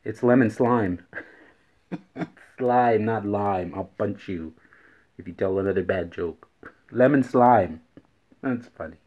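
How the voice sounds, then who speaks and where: A man's voice: lowish voice, takes it slowly, pauses often. A man hosting a daily joke vlog who repeats each riddle and laughs at his own punchlines. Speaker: host. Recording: dull lo-fi recording.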